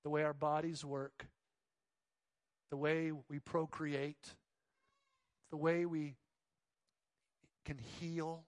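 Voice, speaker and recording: High-voiced animated male preacher. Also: slow pace, pauses often, no echo. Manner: animated storytelling, acts out voices of disciples; drops to soft pleading tones. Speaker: pastor. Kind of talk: sermon.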